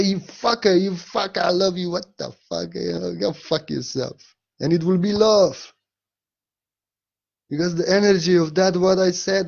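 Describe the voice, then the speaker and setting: A man delivers a spiritual monologue in a husky voice at a mid pitch. He swings between hushed and loud, stressing points emphatically. The sound is dull and lo-fi. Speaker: spiritual teacher.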